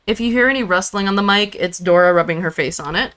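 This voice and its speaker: Streaming a game live, a young adult woman talks casually about her day and breaks into baby talk for her cat. Her voice is medium-pitched and fairly bright, and she speaks quickly with few pauses.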